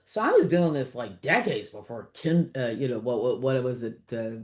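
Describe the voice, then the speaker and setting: Low-voiced older woman, animated storyteller. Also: moderate pace, hardly any pauses. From Los Angeles. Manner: animated, laughs often, trails off with fillers. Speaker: author guest. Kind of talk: casual interview chat.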